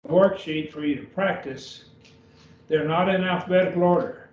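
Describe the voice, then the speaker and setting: A man teaching a beginner Greek class over a video call, speaking patiently and repeating each word. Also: on the high side. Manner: slow, patient, repeats words. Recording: dull, roomy, distant with faint hiss.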